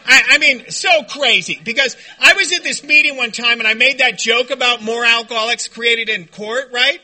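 A man speaking to a recovery meeting, telling stories in an animated, joking way and shouting when he acts out what others said. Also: extremely high pitch, normal speed, a little hiss or hum. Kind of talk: storytelling talk to a meeting. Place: meeting room before a group.

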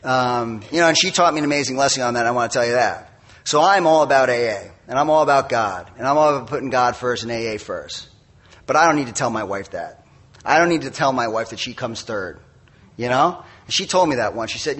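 A middle-aged man speaking at a recovery meeting, giving a candid, self-mocking personal testimony full of quick asides. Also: mid-range voice, expressive, a bit bright, husky.

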